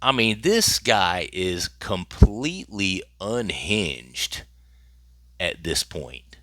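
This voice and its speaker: A man's voice: low-pitched, very animated, drawn-out words, fairly bright tone, dry recording, studio quality. A man hosting his own channel, commenting on celebrity news in a casual, emphatic way and repeating phrases for effect.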